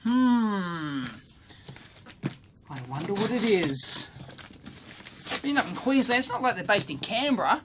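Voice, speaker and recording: A middle-aged man with an Australian accent, hosting a casual unboxing video from his electronics lab in an excitable, rambling way full of exclamations and slang. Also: high-pitched, very noisy. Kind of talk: casual unboxing and teardown commentary.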